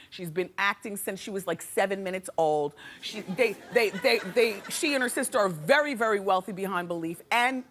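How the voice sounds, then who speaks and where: A woman hosting a talk show, delivering an animated, sassy gossip monologue to a studio audience. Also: medium pitch. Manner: animated, chatty and sassy, laughing often. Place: television studio with a live audience. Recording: studio with audience noise behind.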